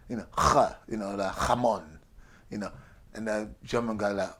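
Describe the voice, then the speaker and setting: A man's voice: lowish voice, normal speed, creaky, slightly rough. An older man whose first language is Portuguese, tipsy and rambling through a profane history rant while acting out characters in quotes. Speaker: show regular.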